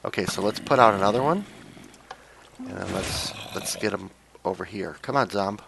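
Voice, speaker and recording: A man's voice: on the low side, normal speed, vocal fry, noisy background. A young man giving casual, jokey commentary while playing a game, chatting to himself and coaxing the characters on screen. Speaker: let's play gamer.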